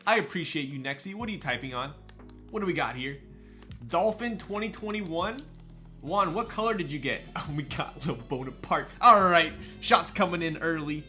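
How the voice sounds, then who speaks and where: A man's voice: on the high side, lively intonation, moderate pace, bright, forceful tone, soft background music. A man chatting casually on a live stream, hyped up, thanking viewers and laughing often while building a keyboard.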